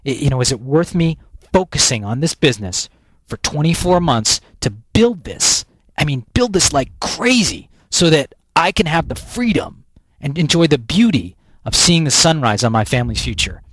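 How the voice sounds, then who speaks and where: A man's voice: on the high side, big pitch swings, normal speed, fairly bright tone, no echo. An American man holds forth as a guest speaker, spinning a story with lots of energy. He restarts sentences and repeats words as he goes. His voice sits close and dry, with no room sound. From United States. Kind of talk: storytelling interview talk.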